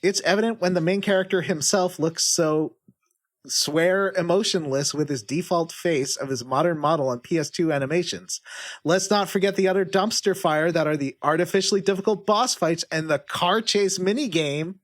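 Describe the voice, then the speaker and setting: A man's voice: fairly high pitch, moderate pace. A man hosting a casual podcast game, reading user reviews aloud and humming while he looks up the next one. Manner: animated, reads reviews in a lively sing-song way, hums while searching. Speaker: podcast host running a guessing game.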